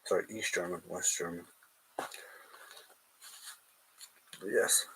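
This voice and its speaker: A man's voice: low voice, steady tone, slow pace, gravelly, bright, forceful tone, husky, rough recording. A man with an Irish accent hosting a live stream in casual, rambling chat, talking to his viewers as lads. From Ireland. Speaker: host of a live collectibles stream. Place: at home, going through a drawer.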